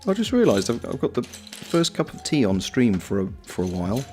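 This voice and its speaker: A man's voice: mid-range voice, sing-song, a little fast. A man hosting a casual livestream, chatting and reading viewer messages aloud. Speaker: livestream host. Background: soft lo-fi background music.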